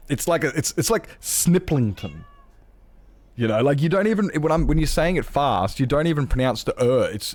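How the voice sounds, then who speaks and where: Australian male streamer, rambling self-mocking chat, gravelly voice, lively pitch, noisy background. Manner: rambling, self-mocking, lots of restarts and laughs. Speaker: Minecraft streamer. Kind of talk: casual live-stream chat.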